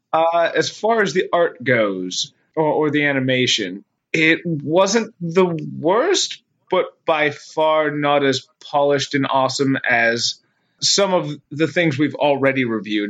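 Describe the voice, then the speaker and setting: A man's voice: fairly high pitch, lively intonation, normal speed, a bit bright. A middle-aged man co-hosting a podcast in casual chat, laughing often and swearing casually. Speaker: podcast co-host. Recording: dull lo-fi podcast audio.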